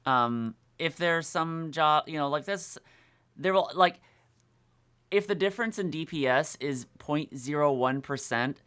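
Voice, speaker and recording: A bright, forceful voice in a relaxed podcast conversation, full of quick laughs and filler words. The speaker sits in the guest's seat, talking shop as a voice actor. The tone stays animated throughout. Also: mid-range voice, clear, resonant tone. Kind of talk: casual podcast chat.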